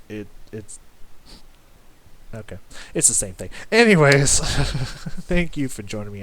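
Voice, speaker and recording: A man with a fairly low voice rambles through his reaction to a record, often stopping mid-thought to rephrase and dropping casual swears. A faint hiss sits under the recording. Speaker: music reaction YouTuber.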